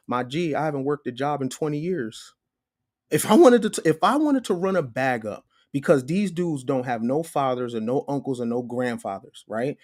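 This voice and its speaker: A man's voice: mid-range voice, expressive, normal speed. A young man hosting a live call-in show, insistent and repeating himself to press his point. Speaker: host.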